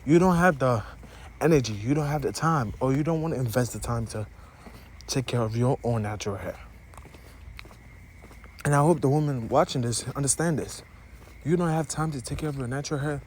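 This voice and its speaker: Speaking at a brisk medium pitch that's a little mellow, this young man from Africa pauses often as he rambles through an opinionated to-camera monologue, repeating and restarting phrases and addressing viewers directly. He's a vlogger with a mixed African and American accent, and there's a little hiss or hum.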